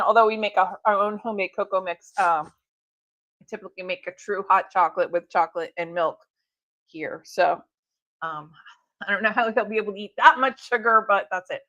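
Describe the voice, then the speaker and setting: A woman's voice: medium pitch, fairly bright tone, no room sound. A woman hosting a live stream for her tea shop, talking in a chatty, upbeat way with fillers and laughs. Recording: dull lo-fi stream audio.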